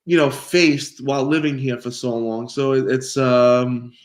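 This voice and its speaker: A man from New York, a guest pizzaiolo, telling stories in a relaxed interview and laughing often. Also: mid-range voice, measured pace. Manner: animated storyteller, laughs often. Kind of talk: casual interview chat.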